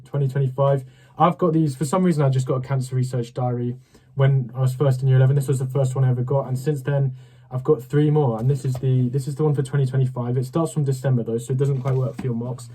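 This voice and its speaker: A man's voice: mid-range voice, mellow. A young man, giving casual study advice straight to the camera in a direct, upbeat way and often checking in with "okay?". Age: late teens. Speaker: student study-advice YouTuber.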